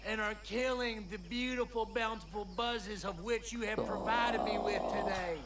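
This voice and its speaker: An actor playing a rowdy young redneck party dude who rambles with goofy bravado in a drawl. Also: male voice, sits high, normal speed, over loud music. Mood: rambling. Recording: game audio with loud background noise.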